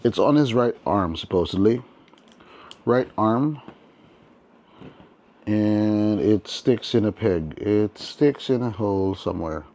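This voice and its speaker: A man's voice: lowish voice, lively intonation, takes it slowly, long pauses, mellow. A man hosting a casual toy unboxing review, chatty and enthusiastic, talking straight to his viewers with frequent restarts.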